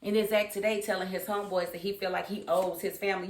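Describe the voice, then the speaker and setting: A woman talks through a TV episode in a casual vlog, opinionated and animated, jumping in with her own verdicts and pulling off quick voices for the characters. Her voice sits at a middle pitch and carries a roomy echo from the space around her. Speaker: TV show reviewer.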